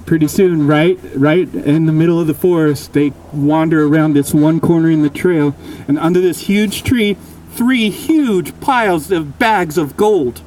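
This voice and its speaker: A man casually telling a spooky story aloud, relaxed and rambling, often correcting himself. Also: fairly high pitch, unhurried, hardly any pauses, far from the mic, slight background noise, low-quality recording.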